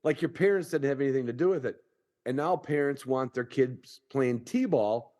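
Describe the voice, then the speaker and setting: A man's voice: medium pitch, normal speed, mellow. A man in his sixties hosting a podcast, chatting in a folksy, wry way. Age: 60s. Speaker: podcast host. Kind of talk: casual podcast conversation.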